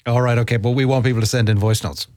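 A man's voice: medium pitch, steady tone, very fast, darkish tone, no echo. A man co-hosting a radio show, dropping dry, wry asides in casual chat. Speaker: radio co-host. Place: radio studio.

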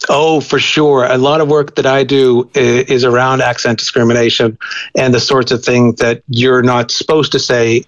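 Male expert guest, measured and explanatory, many self-corrections, slightly dull audio. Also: medium pitch, flat delivery. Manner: thoughtful, many restarts and repeated words. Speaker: linguist guest.

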